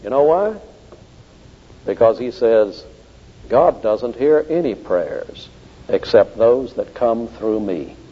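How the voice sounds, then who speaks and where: A man's voice: medium pitch, lively intonation, takes it slowly, pauses often, breathy edge. A man preaching a sermon, emphatic and insistent, driving his points home by repeating key phrases. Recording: dull old recording in a reverberant hall.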